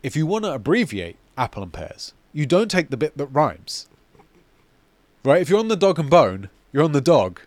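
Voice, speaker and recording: A man with a London accent co-hosting a casual gaming chat, explaining things with lively, swear-laced energy. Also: on the high side, moderate pace, no room sound. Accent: London English. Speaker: podcast co-host.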